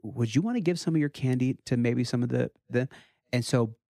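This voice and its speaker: A man in his thirties, a pastor, talks through a family story in a relaxed, chatty way. His voice jumps up animatedly whenever he quotes his young sons. The sound is close and dry. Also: fairly quick, gravelly, no room sound. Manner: animated, rises high when quoting his kids. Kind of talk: casual storytelling chat.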